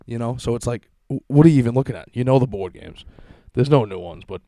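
A man's voice: medium pitch, expressive, quick pace, creaky, warm tone. A man in his thirties hosting a solo podcast from his basement, rambling through stories in a profane, self-mocking way. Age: 30s. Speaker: podcast host. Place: basement at home.

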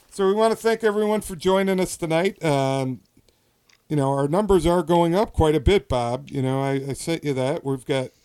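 A man co-hosting a casual podcast over drinks, talking haltingly with many ums and frequent laughs. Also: on the high side, mellow, no echo. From Wisconsin. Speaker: podcast co-host.

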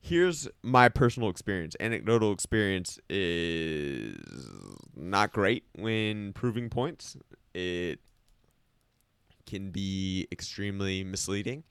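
A man's voice: lowish voice, lively intonation, slow, a bit bright, smooth, no room sound. A man co-hosting a casual podcast in a studio, talking at length with a skeptical slant and a slight lisp from teeth aligners. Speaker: podcast co-host. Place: small recording studio. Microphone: studio microphone.

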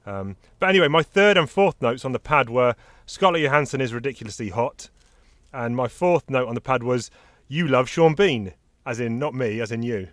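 A man's voice: medium pitch, fairly quick, fairly bright tone, no echo. A man co-hosting a casual film-review chat, often chiming in with agreement and reading from his notes. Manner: chatty, agreeing fillers, reads out notes. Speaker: podcast co-host reviewing films.

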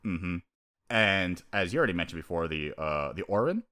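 Low-voiced guy chatting casually on a podcast, pitch jumps all over, acts out lines and reactions. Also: moderate pace. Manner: animated, acts out characters' lines and his own reactions, laughs often. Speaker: podcast co-host. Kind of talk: casual chat.

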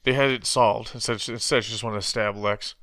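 A man's voice: on the low side, steady tone, a little fast, a bit bright, dry recording, studio quality. A man chatting casually about comics. He laughs often and gives short, agreeing replies. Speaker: comic book discussion co-host. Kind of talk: casual chat.

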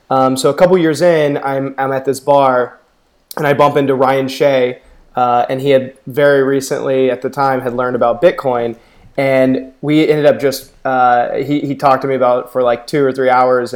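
A man is a guest on a podcast, sharing his background in a relaxed way with plenty of ums and uhs. His pitch sits at an ordinary middle level. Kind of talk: casual interview talk.

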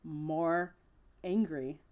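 A woman's voice: low-pitched, fairly even intonation, extremely slow, narrow, tinny audio. A woman co-hosting a casual podcast chat, heated and exasperated, swearing constantly. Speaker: podcast co-host.

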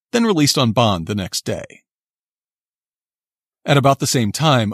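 A man narrating a scripted true-crime story in a steady, suspense-building way. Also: mid-range voice, dry recording, clean studio sound.

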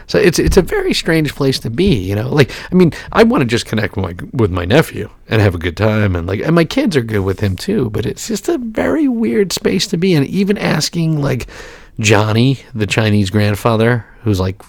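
Congested man, lively rambling chat. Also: mid-range voice, normal speed, vocal fry, no room sound. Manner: rambling, animated storytelling with many fillers. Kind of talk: casual chat.

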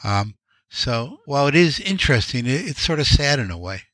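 A man co-hosting a podcast, giving relaxed opinions with dry quips. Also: medium pitch, moderate pace, dry recording. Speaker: podcast co-host. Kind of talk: conversational film discussion.

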